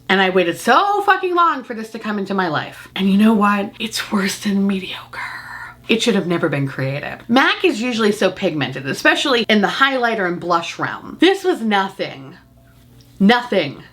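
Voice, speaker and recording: A woman's voice: mid-range voice, sharp tone. A woman beauty vlogger reviewing makeup in a casual rant, profane, dramatic and poking fun at herself. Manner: profane, dramatic, self-mocking humor.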